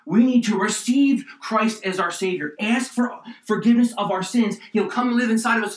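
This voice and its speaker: Preacher, male, fervent sermon delivery shifting loud to hushed; mic set back in an echoey room. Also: sits high, a little fast, few pauses. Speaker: pastor. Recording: roomy echo, distant mic.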